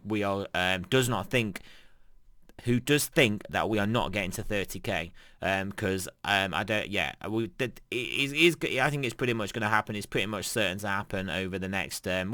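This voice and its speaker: Young male commentator, rambling chat, bright clear voice, dry close sound. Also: fairly low pitch, no echo. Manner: rambling, many fillers and restarts, chuckles often. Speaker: crypto trading commentator. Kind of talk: casual market commentary.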